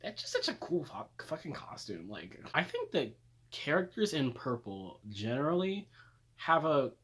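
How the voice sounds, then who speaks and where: A man's voice: measured pace, breathy edge. Young guy doing a goofy fan rant, voice bouncing all over, lots of cussing and laughs. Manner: animated, swearing, laughing, dramatic jumps up in pitch. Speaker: video creator reviewing characters. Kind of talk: comedic casual rant.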